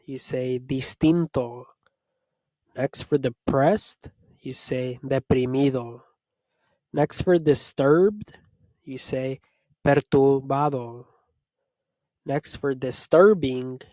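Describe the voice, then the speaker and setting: Male tutor, very slow and measured delivery, dry close sound, mid pitch. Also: a little mellow, dry recording. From United States. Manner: slow, deliberate word-by-word drilling. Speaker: Spanish tutor. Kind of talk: slow vocabulary lesson.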